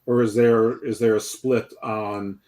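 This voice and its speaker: A man's voice: on the low side, level tone, unhurried, a little mellow. A man co-hosting a casual podcast who asks curious questions and cracks dry jokes. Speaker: podcast co-host.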